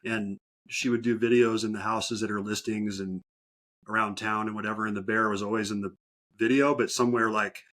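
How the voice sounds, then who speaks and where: A male podcast host chats with his guest at an easy pace. He tells anecdotes in a relaxed, conversational way. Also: on the low side, a little fast. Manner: relaxed storyteller, chatty. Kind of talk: casual interview chat.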